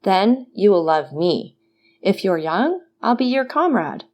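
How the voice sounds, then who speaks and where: A woman's voice: mid-range voice, very animated, measured pace, a little mellow, dull audio. A woman voicing a desperate young male prisoner who pleads fervently. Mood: pleading. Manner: fervent, imploring.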